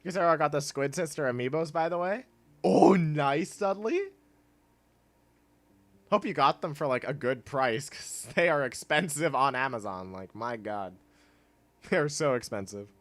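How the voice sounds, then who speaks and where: A man streaming a game, chatting casually with his viewers in a laid-back, rambling way and laughing often, with soft music playing behind him. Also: on the high side, measured pace. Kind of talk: casual chat while gaming. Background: soft chill music.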